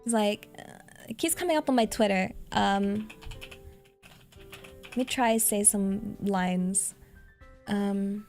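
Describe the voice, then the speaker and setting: A woman's voice: medium pitch, slow, pauses often, a little mellow, soft background music. A woman VTuber streamer chatting casually with her viewers, giggling often and thinking aloud with lots of fillers. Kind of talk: casual livestream chat, reading donations.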